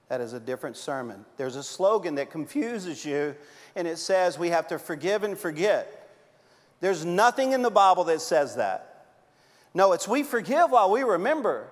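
A man preaching a sermon as a pastor, telling stories with big swings from loud to hushed. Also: fairly high pitch. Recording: long hall reverb.

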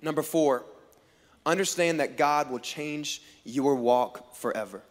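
A man's voice: a little high, slow pace. A man preaching a sermon to a live audience, telling a funny story and acting out the dialogue in voices. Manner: animated, acts out dialogue in voices, jokes with the crowd. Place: large hall with a live audience on stage. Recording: long hall reverb.

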